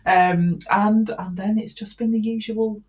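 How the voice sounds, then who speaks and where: A woman's voice: mid-range voice, fairly even intonation, a little slow, darkish tone. A middle-aged woman chatting casually as a podcast co-host, rambling with frequent laughter. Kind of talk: casual chat.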